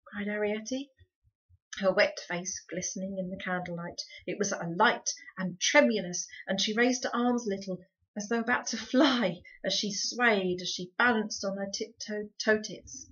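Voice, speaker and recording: A woman reads a children's story aloud in a calm, even voice. Her tone is husky and breathy, at a middling pitch. The recording sounds dull and lo-fi. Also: moderate pace. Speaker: storybook reader. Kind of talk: reading a children's novel aloud.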